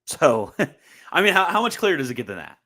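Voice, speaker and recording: A man's voice: a little high, very animated, fairly quick, bright, forceful tone. A young man giving casual, combative commentary on church teaching, sarcastic and full of restarts. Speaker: Catholic commentator.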